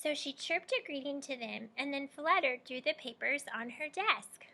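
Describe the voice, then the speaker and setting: A young adult woman teacher leading a guided reading lesson for young children, asking questions and warmly praising answers. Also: sits high, expressive, moderate pace, creaky. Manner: encouraging, prompting and praising students.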